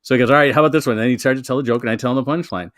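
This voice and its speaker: A man's voice: mid-range voice, racing, fairly bright tone, no echo. Man, comedian, casual rambling story, chuckles mid-sentence, dry close sound. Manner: rambling storyteller, laughs while talking. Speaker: veteran comedian guest. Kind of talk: casual chat.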